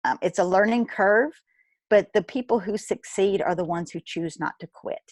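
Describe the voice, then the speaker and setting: A woman in her fifties, a guest in an interview, telling a personal story in a lively way, acting out what others said and laughing often. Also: medium pitch, normal speed, no room sound. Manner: animated, acts out quoted dialogue, laughs often. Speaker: guest, retired nurse turned business owner.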